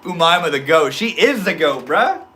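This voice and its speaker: A man's voice: high-pitched, pushed and bright. A man hosting a casual live stream, reading the chat aloud, joking around with slang and laughing often. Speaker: livestream host reading chat.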